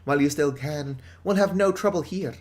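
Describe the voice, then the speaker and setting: A man's voice: fairly high pitch, moderate pace, a little mellow, lightly acted. A man voicing a chatty, gloomy older woman who runs a pub, in a put-on British accent with theatrical reading. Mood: gruff.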